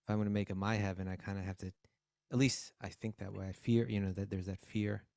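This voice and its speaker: Gravelly low-voiced male co-host. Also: steady tone, fast talker, a little mellow, no room sound, studio quality. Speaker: podcast co-host. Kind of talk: casual podcast chat.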